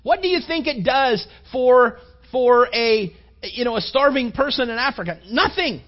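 A male preacher with a notably high voice speaks to a room of young men, rambling through stories with fillers and questions thrown at the crowd. The sound is dull and lo-fi, like an older recording. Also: lively intonation, moderate pace. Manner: rambling, chatty, many fillers and rhetorical questions.

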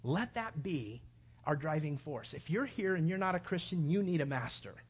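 A man's voice: fairly high pitch, moderate pace, breathy edge, muffled recording. A male pastor preaching a sermon, acting out everyday scenes with playful shifting voices. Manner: animated, acts out little scenes with shifting voices.

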